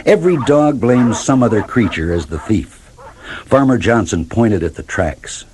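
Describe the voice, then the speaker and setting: A man reading a children's story aloud, with lively, expressive narration. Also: on the low side, moderate pace, slight background noise.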